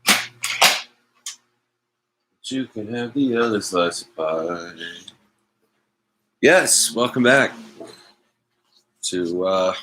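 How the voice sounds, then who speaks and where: Slow, low-voiced man chatting casually. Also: animated, sharp tone, slight background noise, low-quality recording. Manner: rambling, wry, self-mocking. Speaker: host. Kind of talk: casual political chat. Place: at home.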